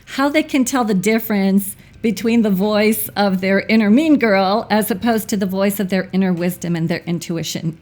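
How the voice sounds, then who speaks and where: A woman hosts an interview, asking her guests a curious question and affirming what they say. Her voice sits at a mid pitch and she speaks in an everyday, conversational way. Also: darkish tone. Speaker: interview host.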